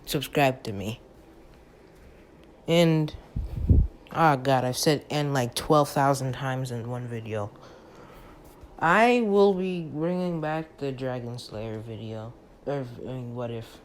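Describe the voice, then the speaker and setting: A man's voice: mid-range voice, takes it slowly, pauses often, slight background noise. A young man rambling casually through an anime fan theory, stumbling over names and leaning on fillers. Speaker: anime channel creator.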